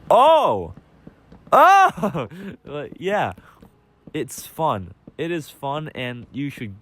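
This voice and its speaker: A young man telling a casual personal story over gameplay, excitable and rambling, often repeating his phrases. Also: mid-range voice. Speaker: channel host.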